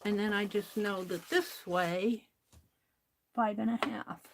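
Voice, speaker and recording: A woman's voice: mid-range voice, fairly even intonation, slow, slight background noise. A woman hosting a crafting livestream, chatting to viewers while she works and laughing often. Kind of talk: casual crafting chat while working.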